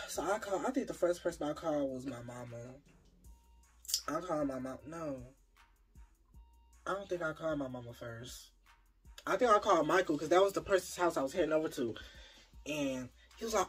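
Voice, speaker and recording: Husky breathy guy doing a storytime vlog, tired, cussing a lot, goes loud then mumbly. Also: moderate pace, pauses often, faint music behind. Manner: animated, swings from loud outbursts to low mumbles; profane, slangy. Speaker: vlogger telling a story. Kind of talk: casual storytime.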